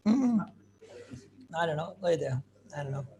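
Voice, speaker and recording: Rambling, joking rabbi teaching a class. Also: male voice, a little high, expressive, unhurried, warm tone. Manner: rambling, joking, asks the class questions, many fillers. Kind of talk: informal Torah class.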